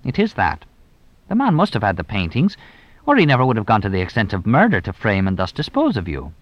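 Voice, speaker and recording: A man's voice: on the low side, wildly swooping pitch, a little fast, no echo, highs cut off. A man voicing a shrewd, teasing police inspector who probes with dry, mock-innocent questions. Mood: sly.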